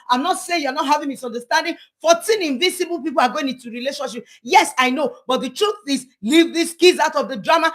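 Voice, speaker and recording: A middle-aged woman, giving an impassioned live talk as a counselor and church speaker. Her voice sits high, and she presses her points with pleading repetition in a preachy way. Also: a bit bright. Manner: emphatic and preachy, repeats phrases, pleading.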